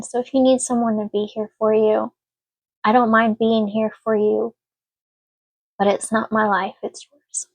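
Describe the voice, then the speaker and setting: A woman's voice: mid-range voice, vocal fry, darkish tone, no room sound. Earnest woman giving a tarot reading. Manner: earnest, emotional and reassuring. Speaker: tarot reader. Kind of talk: casual spoken tarot reading.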